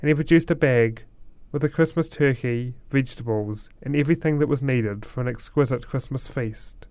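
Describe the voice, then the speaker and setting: Man, storytelling narration, smooth resonant voice, dry close sound. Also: mid-range voice, moderate pace, darkish tone, dry recording.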